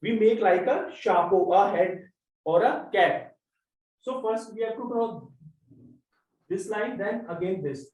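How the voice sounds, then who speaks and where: A man's voice: high voice, slow, long pauses, darkish tone. A man teaching a class, explaining step by step and spelling out letters one at a time. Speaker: French teacher. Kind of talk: classroom lesson. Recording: roomy echo, mic at a distance.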